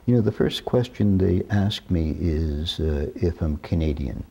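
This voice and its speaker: Measured, husky man in his sixties. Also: sits low, animated, mellow, lo-fi sound. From New York. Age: 60s. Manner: measured, deliberate, careful diction. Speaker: interview guest. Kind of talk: reminiscing interview talk.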